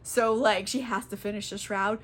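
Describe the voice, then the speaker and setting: A woman's voice: medium pitch, fairly even intonation, normal speed. A young woman, a little tipsy, retelling a classic book in a casual, profane, rambling way. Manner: profane, rambling, lots of fillers. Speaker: book vlogger.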